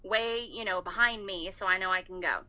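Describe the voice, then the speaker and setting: A woman's voice: mid-range voice, brisk, bright, forceful tone, low-quality recording. A woman in her thirties in casual chat, telling a story with animation and swearing freely.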